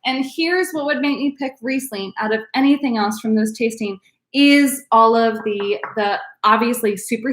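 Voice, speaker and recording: A woman's voice: fairly high pitch, roomy sound. A woman leading a live online wine tasting class as instructor, upbeat and coaching, with frequent ums. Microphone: video call.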